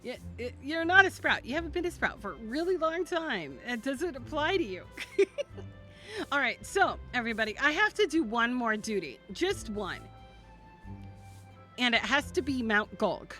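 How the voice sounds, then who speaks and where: A woman's voice: sits high, very animated, normal speed, sharp tone, faint music behind. A woman streaming a game live, chatting playfully with her viewers, giggling and stumbling over her words as she talks to them by name.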